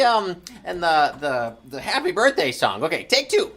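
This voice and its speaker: Peppy lady host for kids, voice jumps all over, bright and laughing a lot. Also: low-pitched, big pitch swings, moderate pace, few pauses, a little hiss or hum. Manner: bubbly, exclamatory, laughs often. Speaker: children's library show host. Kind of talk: lively kids' show hosting.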